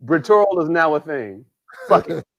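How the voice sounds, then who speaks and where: A high-voiced man cracking jokes and swearing through a loose podcast chat, his delivery bouncing and excitable. He sounds a bit tipsy as he keeps breaking into laughter. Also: normal speed, gravelly, highs cut off. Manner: profane, animated, laughs a lot, repeats "hey, look". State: a bit drunk. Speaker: podcast co-host. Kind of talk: casual comedic chat.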